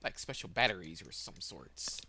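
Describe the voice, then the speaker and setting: A man giving a casual, rambling home-made lesson, correcting himself as he goes and sometimes bursting out loudly. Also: low voice, big pitch swings, normal speed, creaky, slightly rough. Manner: casual, self-correcting, laughs at own mistakes, sudden loud outbursts. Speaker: lesson presenter.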